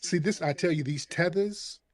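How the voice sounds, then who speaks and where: A man's voice: a little high, moderate pace, crowd noise. A man hosting a call-in show, arguing heatedly and mocking the caller. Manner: combative, mocking, talks over the caller. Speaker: host.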